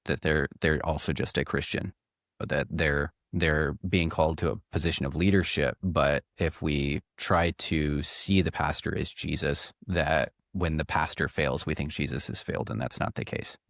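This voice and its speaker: A deep-voiced man speaks as a podcast guest. He talks in a measured, reflective way and often restarts his phrases. The sound is dry and close. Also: steady tone, a bit bright, no room sound. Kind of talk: casual conversation.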